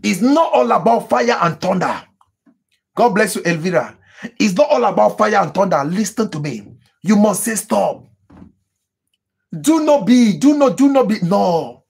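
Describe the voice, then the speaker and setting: A pastor preaches in emphatic bursts and repeats himself. His voice sits high and leaps all over, with a husky, gravelly edge. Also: animated, normal speed. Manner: emphatic preaching with repetitions and sudden high exclamations; mimics people praying in tongues. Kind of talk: sermon.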